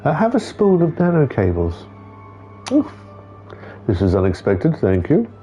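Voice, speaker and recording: A man's voice: medium pitch, wildly swooping pitch, a little slow, mellow, soft background music. A man streaming a game, chatting casually, talking to the characters and reading their dialogue aloud. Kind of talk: casual gameplay commentary.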